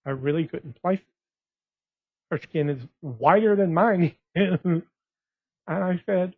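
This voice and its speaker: A man with a slightly high, husky voice rambles from one thought to the next, circling back and restarting as he goes. The recording is tinny and phone-like and sounds dry, with no room around him. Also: expressive, a little slow, long pauses, dry recording. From West Texas. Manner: rambling, digressive, restarts often. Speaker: blogger. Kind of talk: casual monologue.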